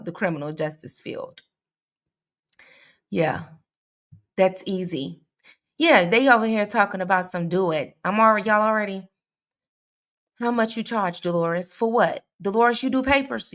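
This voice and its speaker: A woman's voice: on the low side, a bit bright. A woman hosting a true crime show, chatting casually and live with her viewers, laughing often and calling out to them as y'all.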